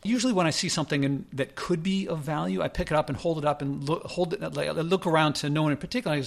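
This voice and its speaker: A man's voice: fairly high pitch, fast talker, gravelly. A man casually telling a rambling personal story, often correcting himself mid-sentence. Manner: rambling, self-correcting, conversational.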